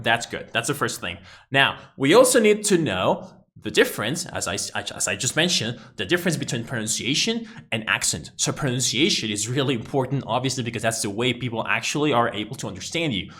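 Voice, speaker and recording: Animated man with a Mexican accent. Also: mid-range voice, a little fast. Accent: Mexican Spanish. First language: Spanish. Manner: emphatic, animated explaining to the camera. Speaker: English teacher. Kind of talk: casual video lesson.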